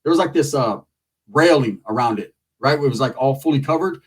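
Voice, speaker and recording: A man's voice: medium pitch, brisk, husky, far from the mic. A man telling a profane, comedic street story in loose slang, acting out the people in it. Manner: loose street slang, animated with lots of acted quotes.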